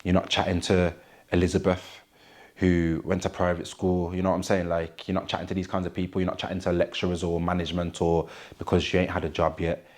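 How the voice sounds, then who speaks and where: Low-voiced young wolverhampton man. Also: level tone, brisk, a little mellow. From Wolverhampton, England. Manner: slangy street talk, constant "you get me" tags. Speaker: rapper. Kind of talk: casual interview talk.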